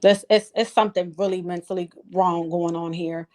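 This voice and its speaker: A woman's voice: on the low side, fairly even intonation, normal speed, a little mellow. An exasperated woman, ranting in a heated casual chat and repeating herself.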